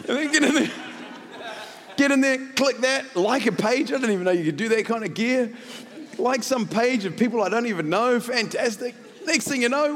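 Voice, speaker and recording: A middle-aged male pastor, telling a story in a sermon, laughing often and building to shouts. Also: very high voice, expressive, a little fast, big-room sound.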